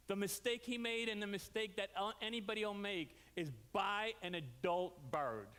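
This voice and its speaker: A man preaching a storytelling sermon, animated and leaping up in pitch for quoted voices. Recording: reverberant hall.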